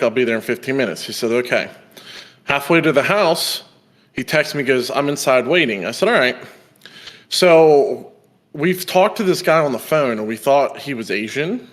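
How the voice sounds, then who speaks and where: A young man and podcast host telling a story in a casual chat, acting out the people he quotes. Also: medium pitch. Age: young adult. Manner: animated storyteller, acts out quoted voices.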